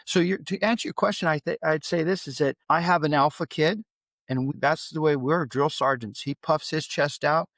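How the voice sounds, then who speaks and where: A middle-aged man talks as a guest in an interview and tells long stories in an animated way. His pitch swings upward when the memory turns heated. The recording is dry and close to the mic. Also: moderate pace, no echo. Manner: animated storytelling, voice climbs when recalling anger. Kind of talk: interview conversation.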